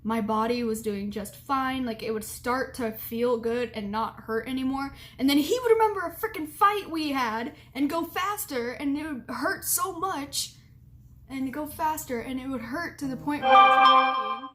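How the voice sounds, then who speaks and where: A young woman with a high voice tells a candid story straight to camera and gives advice along the way. She is frank and blunt, giggles often and fills her talk with "like". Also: normal speed, bright, forceful tone. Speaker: vlogger.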